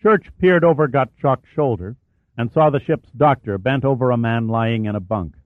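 A man narrating an adventure novel in a measured, dramatic storytelling manner. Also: mid-range voice, no echo. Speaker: audiobook narrator. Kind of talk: scripted narration. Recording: tinny phone-like sound, dry.

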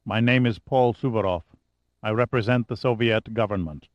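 A man's voice: lowish voice, normal speed, no room sound, muffled recording, close to an everyday voice. A man reading the part of a cold, menacing Soviet agent who speaks in a detached, disinterested way.

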